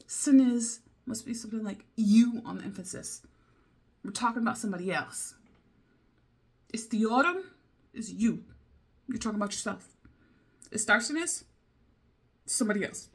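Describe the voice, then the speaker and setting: A woman's voice: medium pitch, normal speed, long pauses, husky. A woman vlogging her language study, thinking aloud, repeating foreign phrases and drifting into chatty asides with little laughs. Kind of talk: casual study vlog.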